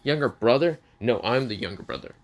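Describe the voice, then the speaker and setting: A man's voice: medium pitch, takes it slowly, a little mellow. A man voicing a cocky, casual seventeen-year-old boy. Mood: indignant.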